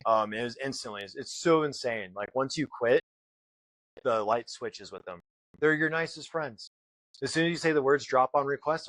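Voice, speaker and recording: A man's voice: mid-range voice, no room sound, low-quality recording. A man telling a story in casual podcast talk, acting out what other people said as he goes. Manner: fast, animated retelling with voiced quotes. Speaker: guest.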